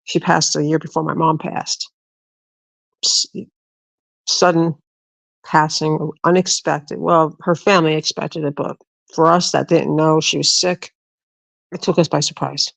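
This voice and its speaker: A woman's voice: low-pitched, flat delivery, unhurried, creaky, pauses often, dry recording, low-quality recording. A middle-aged woman hosting a livestream, telling a rambling story casually to her viewers, swearing freely and often restarting her sentences. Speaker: livestream host.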